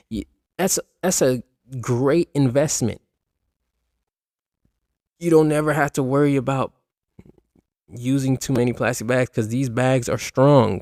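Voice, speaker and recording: Podcast host, man, gravelly low-key delivery, dry close mic, rambling casual talk to his listeners. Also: darkish tone, no echo. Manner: rambling, restarts often, addresses listeners directly.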